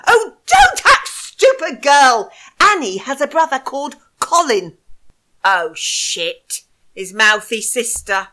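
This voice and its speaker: A woman voicing a jealous, drunk, vengeful wife who is shrill and tearful, in an amateur audio drama. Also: sing-song, slow pace, bright, forceful tone, full character voice. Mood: gloating.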